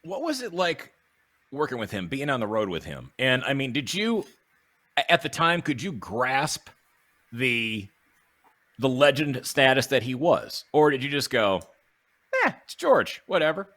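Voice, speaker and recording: A man's voice: mid-range voice, very animated, measured pace, fairly bright tone. A man hosting a casual interview, joking and teasing his guest between questions. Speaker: podcast host.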